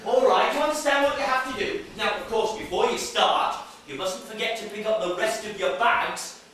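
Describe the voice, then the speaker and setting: A man's voice: high voice, moderate pace, fairly bright tone, a little hiss or hum. An actor in a stage play playing Bob, a brash, pushy game show host who talks down to his contestant. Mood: gushing. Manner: showy, bossy, speaks down to the contestant. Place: theatre stage. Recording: echoey theatre from far off, faint music.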